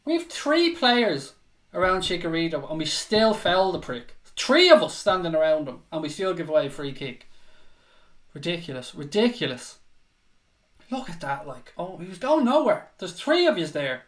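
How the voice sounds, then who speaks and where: A man hosting a live football watchalong, commentating in a frustrated, sweary way with bursts of shouting. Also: high-pitched, big pitch swings, moderate pace. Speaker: watchalong host. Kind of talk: live fan reaction commentary.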